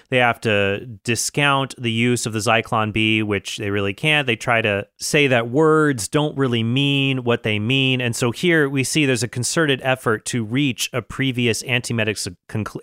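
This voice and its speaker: Man, commentator, smooth dry close voice, casual and thoughtful. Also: mid-range voice, a bit bright, no room sound. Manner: thoughtful, with fillers and self-corrections. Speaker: commentator reviewing a film.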